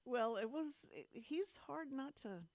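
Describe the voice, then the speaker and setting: A woman's voice: high-pitched, animated, unhurried, a little mellow, dry recording. A woman in her fifties hosting a community radio talk show, chatting casually, laughing often and restarting her sentences. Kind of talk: casual on-air chat.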